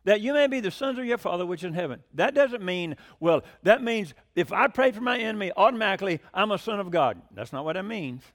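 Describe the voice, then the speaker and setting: Emphatic high-pitched preacher. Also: male voice, expressive, quick pace, few pauses. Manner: emphatic, swings between loud declarations and quiet asides; conversational, asks the congregation questions. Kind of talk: sermon.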